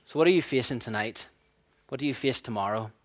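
A man preaching a sermon, animated and storytelling, acting out voices and laughing at his own stories. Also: mid-range voice, brisk.

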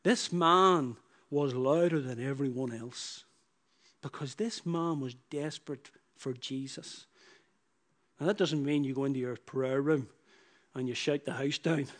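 A man preaching a sermon, who repeats his phrases and swings from loud emphatic bursts to hushed, low lines. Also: unhurried.

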